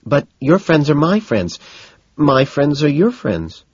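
A man doing a shrill, indignant young socialite woman from an audiobook. She sits noticeably higher than the reader's own low, husky tone, yet keeps his dry, close sound on a slightly dull recording. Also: very animated, slow pace, darkish tone, no echo, exaggerated voice. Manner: dismissive and indignant.

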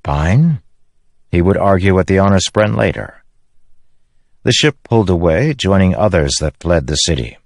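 Deep-voiced male audiobook narrator. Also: expressive, normal speed, creaky, no room sound, clean studio sound. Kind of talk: scripted narration.

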